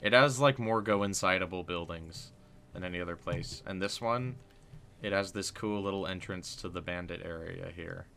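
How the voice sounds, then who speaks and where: Gravelly low-voiced male streamer. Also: normal speed. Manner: excitable, slangy, bursts louder when hyped. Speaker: livestream host. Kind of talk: casual gameplay chat.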